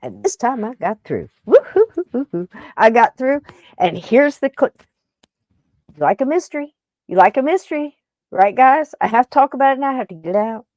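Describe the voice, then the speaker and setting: A woman's voice: sits high, lively intonation, fairly quick, a little mellow, no echo. A woman podcast host telling a funny story in casual chat, acting out both sides of a phone call with jokes.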